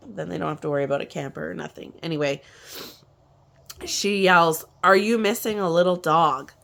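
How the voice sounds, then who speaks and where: A woman in her thirties with a slightly low voice tells a family story in a relaxed, chatty way. She laughs often and lets her sentences trail off before picking them up again. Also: vocal fry, slight background noise. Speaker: vlogger. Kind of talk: casual storytelling.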